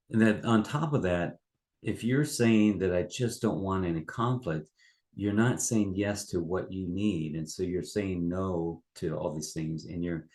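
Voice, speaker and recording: A man's voice: deep voice, a little mellow. A middle-aged male life coach talking in a loose, rambling way, full of fillers and restarts. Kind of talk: casual monologue.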